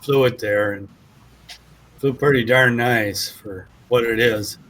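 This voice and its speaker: A man's voice: mid-range voice, takes it slowly, fairly bright tone, low-quality recording. A man chatting casually on a hobby video call in an easygoing, plainspoken way. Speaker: participant in a hobby video hangout.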